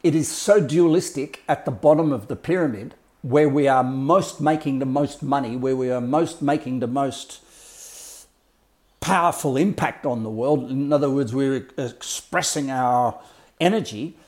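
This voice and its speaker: A man's voice: mid-range voice, unhurried, darkish tone. A man talking as a life coach, explaining ideas in a blunt, colourful way with swearing and mimicked sounds. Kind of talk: casual explanatory talk.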